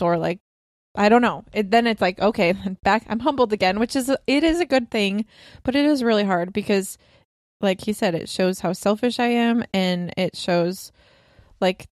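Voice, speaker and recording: A woman's voice: mid-range voice, darkish tone, no room sound, studio quality. A woman in her twenties chatting as a podcast co-host, rambling with lots of fillers and laughs. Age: 20s. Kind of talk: casual chat.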